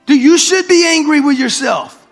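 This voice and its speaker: His voice is very high and moves at normal speed. In his 60s, this motivational speaker gives a brash, preachy talk to a live crowd in a large hall, addressing them directly with slang, while the echoey recording has music running under it.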